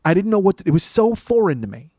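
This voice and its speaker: A man's voice: high voice, very animated, warm tone, no room sound. Profane rambling middle-aged man. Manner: profane, rambling, halting restarts. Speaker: podcast host. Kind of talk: comic storytelling monologue.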